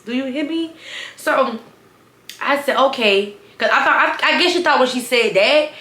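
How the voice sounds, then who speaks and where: A young woman tells a story in a lively, sassy way and keeps turning to her viewers. Her voice is bright and forward, and the room gives it a noticeable echo. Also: medium pitch. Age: 20s. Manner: animated, sassy, talks straight to viewers. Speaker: storytime vlogger. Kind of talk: casual storytime.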